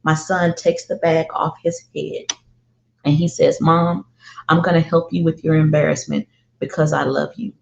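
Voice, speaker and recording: A woman's voice: sits low, level tone, vocal fry, a little mellow. Middle-aged woman telling a heartfelt story. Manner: emphatic, slow and deliberate with heartfelt repetition. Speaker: parenting speaker. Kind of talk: personal storytelling monologue. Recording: roomy, dull lo-fi sound.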